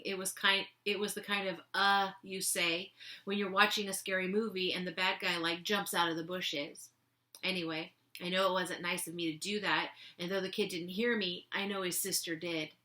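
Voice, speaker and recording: A woman's voice: on the low side, flat delivery, fairly quick, pushed and bright. A woman reading a children's novel aloud to listeners, with casual, chatty asides between passages.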